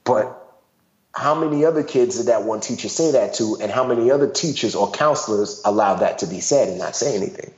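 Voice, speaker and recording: Low-voiced man telling stories in a roomy, dull recording. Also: brisk. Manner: animated, frequent "you know" fillers. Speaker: guest, author. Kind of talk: casual storytelling conversation.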